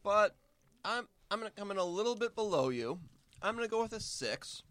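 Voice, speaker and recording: A man's voice: high-pitched, sing-song, a little fast, fairly bright tone, dry recording. Rambling mock-serious man, mouth full. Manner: talks with mouth full while eating. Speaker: guest. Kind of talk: casual snack-tasting chat.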